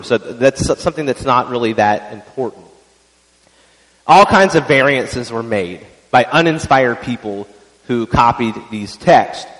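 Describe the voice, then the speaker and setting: Man teaching in an echoing hall. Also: a little high. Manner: explanatory, conversational, many restarts and fillers. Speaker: church teacher. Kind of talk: evening church teaching on scripture.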